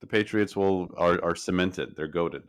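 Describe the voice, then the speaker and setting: A man's voice: deep voice, normal speed, smooth. A man co-hosting a sports podcast, talking casually in a blunt, dismissive way. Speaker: podcast co-host.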